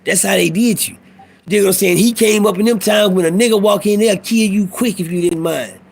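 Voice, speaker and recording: A man's voice: high voice, a little fast, vocal fry, husky. A middle-aged man talking in a casual monologue, telling a profane, preachy prison story in street talk. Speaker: vlogger.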